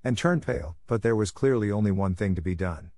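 A man with a low voice reads a classic story aloud in steady, even audiobook narration. The recording is dry and close, with no room sound. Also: brisk, dry recording. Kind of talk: scripted narration.

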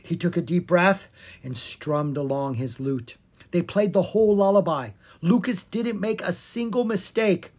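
A narrator reading a children's chapter book aloud with expressive storytelling. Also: a little slow. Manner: expressive storytelling, dropping low on tags. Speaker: audiobook narrator.

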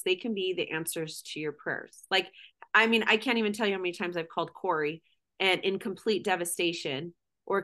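A woman's voice: mid-range voice, a bit bright. A middle-aged woman guest speaking candidly and emotionally in casual conversation, full of "like".

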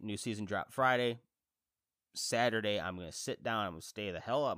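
A man in his thirties hosting a casual talk show, rambling, self-deprecating and a little congested, jumping into lively reactions when he quotes himself. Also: lowish voice, dry recording, studio quality. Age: 30s. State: congested chest. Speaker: podcast host. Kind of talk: casual chat.

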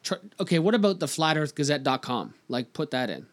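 His fairly high voice swings widely in pitch and moves at a fairly quick clip. He's a Canadian podcast co-host in a casual chat, riffing on the news items he reads out and laughing often.

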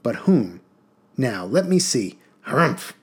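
A man's voice: medium pitch, sing-song, slow, slightly rough, full character voice. A man voicing a pompous, old-fashioned male general who blusters and harrumphs in an audiobook reading. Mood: blustering.

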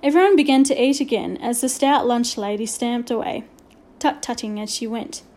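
A woman narrating a children's storybook aloud in an expressive, measured way. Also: a little high. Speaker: audiobook reader.

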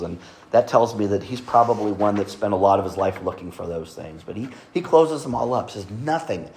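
A man's voice: fairly low pitch, darkish tone, slight background noise. Earnest man preaching a conversational sermon. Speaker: pastor.

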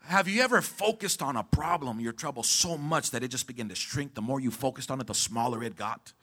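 A man preaching a sermon as pastor, calling out to the congregation to respond and rising to shouts at the peaks. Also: mid-range voice, a little fast, breathy edge. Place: church sanctuary.

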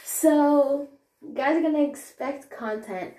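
A woman's voice: high voice, slow pace. Young female podcast host, rambling casual update, recorded in an echoey room. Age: young adult. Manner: rambling, chatty and animated.

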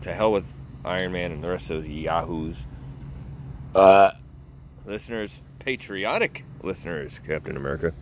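A man with a low, deep voice rambles through a casual podcast monologue, mocking himself and chuckling at his own jokes. He talks straight into a phone, with a faint hiss of noise underneath. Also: normal speed. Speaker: podcast host.

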